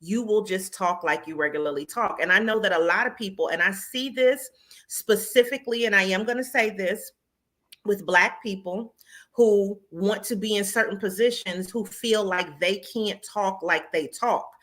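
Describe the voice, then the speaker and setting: A woman's voice: medium pitch, moderate pace. A woman from New York with a New York accent, hosting an interview in casual, slangy conversation. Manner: conversational, uses slang and sarcasm, animated storytelling. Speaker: podcast host.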